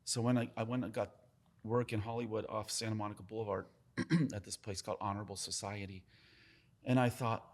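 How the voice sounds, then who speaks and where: A man's voice: on the low side, fairly quick. A man, a tattoo artist talking bluntly and swearing as he tells stories on a casual podcast. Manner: blunt, swears often, animated storytelling.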